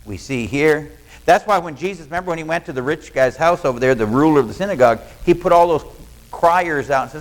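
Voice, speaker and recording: A man's voice: fairly high pitch, expressive, brisk, slight background noise, rough recording. A male pastor, preaching a sermon in a folksy storytelling way and acting out what people in the story say. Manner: folksy storytelling, acts out quoted lines.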